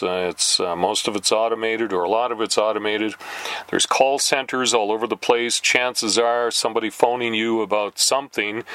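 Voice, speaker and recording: A man telling funny stories in a chatty monologue, with lots of fillers, laughing now and then. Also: no room sound. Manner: animated, jumps higher when reenacting calls. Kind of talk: casual storytelling monologue.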